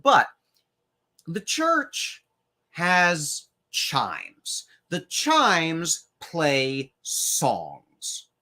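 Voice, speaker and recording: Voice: medium pitch, huge pitch swings, very slow, bright, forceful tone. A co-host telling a story in casual chat, wry and profane.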